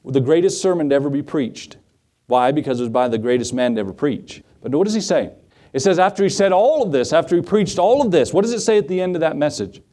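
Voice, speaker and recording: A middle-aged male pastor preaching a sermon in a voice pitched a little high but mellow and dark in tone. He asks the congregation questions and briefly acts out the voices of the people in his stories. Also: expressive, fast. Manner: dramatic voices for quoted figures, rhetorical questions to the congregation.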